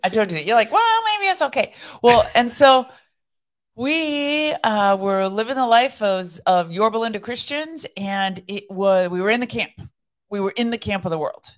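A woman co-hosting a podcast shares her faith story in a casual faith conversation, speaking at a moderate pace in a medium-pitched voice. Her telling is earnest and reflective.

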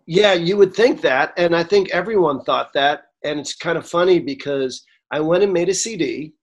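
A man in his forties, a songwriter guest, telling a story in an interview, animated and acting out the dialogue, at times getting emotional. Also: fairly high pitch, a little slow. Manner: animated, acts out quoted dialogue; gets emotional.

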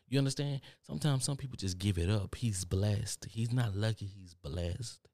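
A man's voice: fairly low pitch, normal speed, hardly any pauses, mellow, no room sound, studio quality. A man from Texas with a Texan drawl, hosting a podcast in a rambling, preachy motivational monologue that repeats its phrases. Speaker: podcast host. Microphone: studio microphone.

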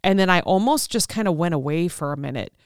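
Candid woman with a smooth, dry voice. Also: fairly low pitch, expressive, fast talker, no room sound. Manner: candid and conversational, with frequent fillers. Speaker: podcast host. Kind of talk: personal storytelling.

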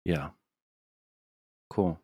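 A man's voice: extremely slow, dark tone, no echo. A man practicing phrases in a lesson, hesitant and repeating words to check himself. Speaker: learner.

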